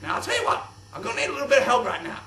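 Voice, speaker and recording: A young man presenting a kids' science show in an exaggerated, excitable host voice. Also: very high-pitched, racing. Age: young adult. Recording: echoey room, distant mic.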